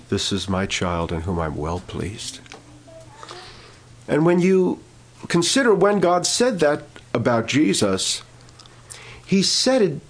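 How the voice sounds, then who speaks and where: A man's voice: fairly high pitch, a little hiss or hum. A man preaching a sermon, telling a story with many fillers and restarts, then rising to emphatic points.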